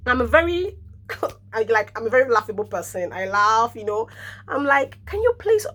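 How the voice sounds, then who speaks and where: Nigerian nurse, 30s, high husky voice, chatty storyteller. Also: female voice, moderate pace. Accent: Nigerian English. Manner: animated storytelling, laughs often, drops in pidgin interjections. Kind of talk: casual storytelling vlog.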